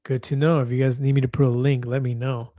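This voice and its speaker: A man's voice: medium pitch, flat delivery, fast talker, warm tone, no room sound. A man in his fifties hosting a casual livestream, chatting and reading viewer comments aloud, laughing easily. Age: 50s. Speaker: livestream host.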